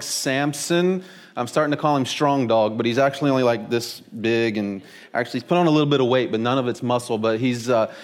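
A man gives a sermon in a church hall, his voice pitched slightly high. He tells stories in a folksy, joking way and keeps asking the congregation questions. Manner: folksy storytelling with jokes and audience questions. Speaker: pastor. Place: church hall with live audience.

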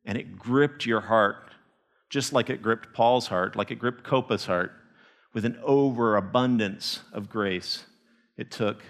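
A man preaching a sermon as a missionary, telling stories with animated emphasis and frequent restarts. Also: fairly low pitch, a little slow, vocal fry. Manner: animated storytelling with restarts, rising to emphatic peaks.

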